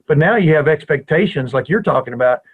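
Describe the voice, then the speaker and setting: A man's voice: fairly high pitch, expressive, quick pace. Southern man joking over a phone line. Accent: Southern American. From Southern United States. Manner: joking, brief interjections. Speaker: podcast host. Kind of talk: casual chat.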